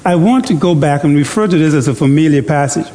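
Male preacher, interactive church sermon, warm mellow tone, jokey, slow deliberate scripture reading. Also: a little high, long reverb tail. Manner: jokey, coaxing the congregation into call-and-response; reads scripture slowly and deliberately.

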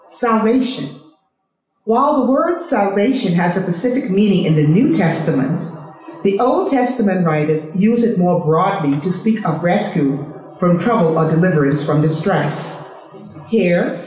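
A woman in a Bible study group, reading a study guide aloud at a steady pace. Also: medium pitch, very echoey, rough recording.

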